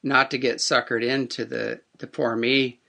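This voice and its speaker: A man hosts the conversation with a bright, forceful voice, reflecting easily and agreeing with his guest. His pitch sits in an ordinary middle range. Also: flat delivery, measured pace, gravelly. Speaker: host. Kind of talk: casual interview talk.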